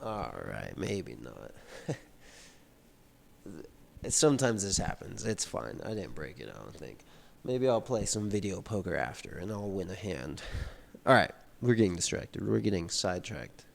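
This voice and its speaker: A young man talks through a novel in a relaxed, slangy way, full of fillers. His voice sits a little low. He reads passages aloud and then retells them in his own words. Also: measured pace, vocal fry. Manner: laid-back, slangy retelling with lots of fillers. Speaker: book vlogger. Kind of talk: casual book report reading aloud.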